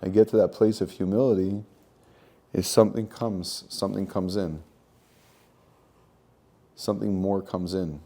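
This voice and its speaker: A man's voice: low-pitched, steady tone, measured pace, long pauses, dark tone. A man coaching on spiritual growth in an earnest teaching monologue, repeating phrases and using Hebrew terms.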